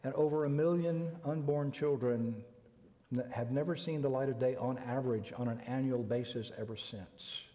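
An older man from the United States preaching a sermon, emphatic and deliberate, slowing down to stress key words. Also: medium pitch, steady tone, dark tone. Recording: long reverb.

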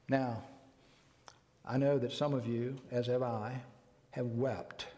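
An older man from the United States preaching a sermon, emphatic and deliberate, slowing down to stress key words. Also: medium pitch, level tone, mellow. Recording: long reverb.

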